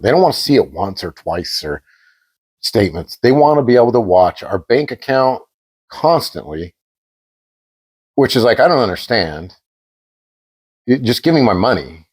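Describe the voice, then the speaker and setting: A man co-hosting a podcast, chatting casually and telling an animated story, acting out the quoted exchanges. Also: on the low side. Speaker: podcast co-host.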